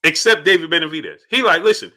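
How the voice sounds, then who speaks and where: A man hosting a live boxing talk stream greets chat viewers by name and hammers home his points by repeating them. His voice is on the high side, bright and forceful, with lively intonation at normal speed.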